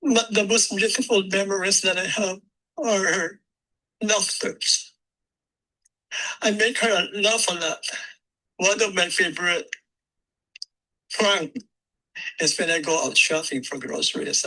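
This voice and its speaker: A man telling gentle, heartfelt stories in a personal eulogy, with some nonstandard grammar. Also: high voice, rough recording. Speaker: eulogy speaker.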